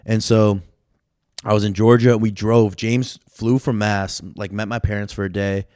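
A young man from Chicago telling stories in a relaxed, slangy chat full of fillers. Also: fairly low pitch, normal speed. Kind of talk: casual chat.

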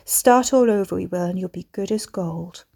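A woman voicing a decaying, cruel ghoul mother who croons in a soft whisper. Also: mid-range voice, steady tone, normal speed, slightly rough. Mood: crooning. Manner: crooning, coaxing.

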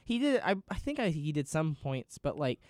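A man's voice: on the high side, sing-song, moderate pace, darkish tone, no echo, clean studio sound. A man co-hosting a podcast, chatting casually and reading off a list of nominees. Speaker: podcast co-host. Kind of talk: casual chat.

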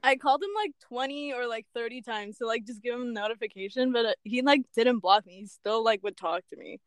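A young woman co-hosting a podcast, telling a story in casual chat, animated and full of "like" and "bruh". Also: a little high, fairly quick, no echo, studio quality. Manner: animated storyteller, heavy use of "like" and "bruh", acts out quotes. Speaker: podcast co-host.

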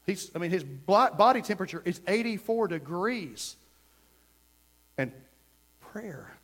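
A man preaching a fervent sermon as pastor, dropping to a hush and then rising to shouts. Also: sits high, expressive, unhurried. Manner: fervent, swings from hushed to shouting.

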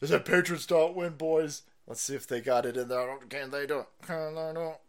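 A man hosting a livestream, ranting profanely, laughing and swinging from mutters to shouts. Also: on the high side, brisk. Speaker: live stream host. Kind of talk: profane political rant on a livestream.

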